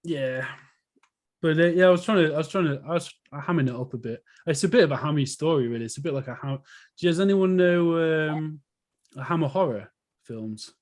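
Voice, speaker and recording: A man's voice: fairly high pitch, moderate pace, a little mellow. A man from the UK chatting casually in a group video call, rambling and laughing often as he talks about his story. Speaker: author reading his story.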